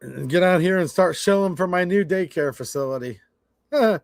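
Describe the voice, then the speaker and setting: A man's voice: sits high, normal speed, vocal fry, no echo. A man in his forties hosting a livestream, rambling and stammering in a blunt, frustrated way. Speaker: livestream host. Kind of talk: casual livestream rant.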